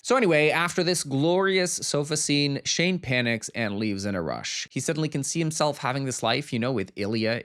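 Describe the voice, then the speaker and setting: Animated campy male commentator. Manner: animated and campy, big pitch swings, drops to mutters. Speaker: video essay host. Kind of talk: casual commentary. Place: home.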